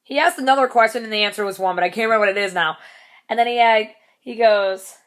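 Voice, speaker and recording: A woman's voice: on the high side, quick pace. A young woman telling a story in a casual vlog, rambling, swearing casually and laughing between lines. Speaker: vlogger.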